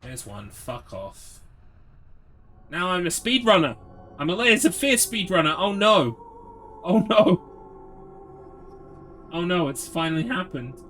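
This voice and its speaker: Young dude ranting at a horror game, lots of swearing, sarcastic, kinda high voice. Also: male voice, sing-song, measured pace, pushed and bright, a little hiss or hum. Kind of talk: live gameplay commentary.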